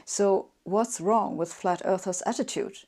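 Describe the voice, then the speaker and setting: A woman speaks in a measured, lecturing manner, explaining her points calmly. Her voice is mellow and rather dark, at an ordinary pitch. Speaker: speaker in a played video. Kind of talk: calm explanatory talk.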